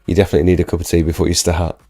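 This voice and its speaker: Low husky-edged man losing his voice. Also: little pitch movement, very fast, dark tone. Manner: chatty, answers viewer questions, frequent restarts. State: losing his voice, getting over an illness. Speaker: live stream host. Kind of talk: casual live Q&A about pressure washing.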